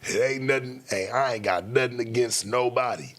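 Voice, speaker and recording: A man hosting a late-night show, talking in a blunt, profane casual monologue with sudden loud outbursts. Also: medium pitch, moderate pace.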